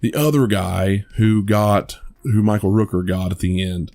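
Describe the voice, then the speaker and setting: Rambling lower-voiced man reviewing a movie. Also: unhurried, dark tone, soft background music. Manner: rambling, swears, many restarts. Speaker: podcast co-host. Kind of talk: casual movie review chat.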